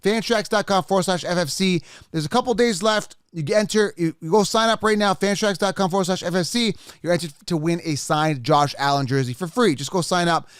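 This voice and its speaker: A man hosting a podcast in a casual, energetic way, repeating plugs and talking the listener through each step. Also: high-pitched, brisk, smooth, no echo, studio quality. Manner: energetic, repetitive, salesy. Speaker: podcast host. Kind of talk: casual podcast talk with ad reads. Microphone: studio microphone.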